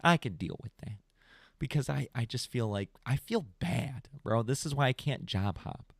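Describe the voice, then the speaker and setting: A young man hosting a late-night podcast stream, talking in a loose, rambling way and jumping between stories and complaints. He sounds animated and casual, with his voice sitting at a middle pitch. The sound is dry and close to the mic. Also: normal speed, creaky, no room sound. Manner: rambling, animated storyteller, says "bro". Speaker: podcast host.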